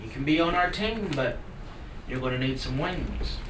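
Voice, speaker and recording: A man voicing a wise, commanding male eagle who gives orders in a calm, matter-of-fact way with dry humor. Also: mid-range voice, normal speed, noisy background, lightly acted. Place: live storytelling event. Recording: roomy hall from far off.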